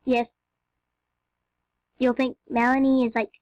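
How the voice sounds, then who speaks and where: A woman's voice: high voice, measured pace, long pauses, no room sound, dull audio. A young female gamer chatting to viewers in a rambling, casual way as she plays. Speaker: game video narrator. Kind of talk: casual gameplay commentary.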